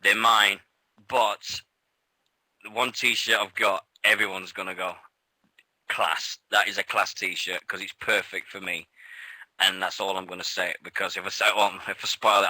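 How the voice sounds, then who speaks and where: Bright-voiced British man telling stories. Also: lowish voice, no echo, low-quality recording. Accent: British English. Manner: excitable, laughing storyteller who swears freely. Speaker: radio show co-host. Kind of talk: casual chat.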